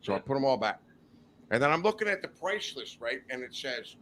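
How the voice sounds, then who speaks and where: A man tells a rowdy story as a podcast guest, swearing freely and laughing as he goes. His voice swings up and down with lively energy, and his tone is bright and forceful. A faint hum of noise sits behind him. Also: medium pitch, fairly quick. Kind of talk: casual storytelling. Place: studio.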